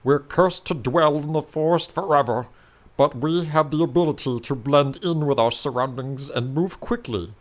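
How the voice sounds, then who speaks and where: A man doing a rumbling furry changeling creature. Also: moderate pace, natural voice. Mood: guarded. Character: small furry cave changeling, wary, rumbling.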